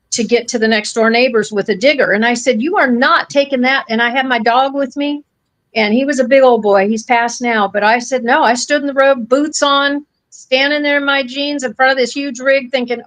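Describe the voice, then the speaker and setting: High-voiced blunt American woman storyteller. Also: fairly even intonation, normal speed, fairly bright tone, no echo, low-quality recording. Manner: blunt, folksy, acts out quoted voices. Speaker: podcast co-host. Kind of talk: casual storytelling chat.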